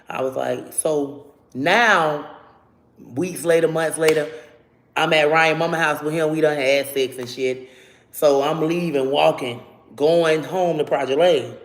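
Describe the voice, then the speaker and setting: A woman telling a personal story to her viewers in a casual, animated and profane way. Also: low voice. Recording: roomy echo.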